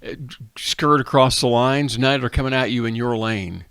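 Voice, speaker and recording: A man's voice: medium pitch, moderate pace, gravelly, fairly bright tone, clean tone, no room sound. A middle-aged man hosting a podcast, chatting casually and telling stories in a talkative way. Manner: chatty storyteller, plugs local radio. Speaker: podcast host. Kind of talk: casual chat.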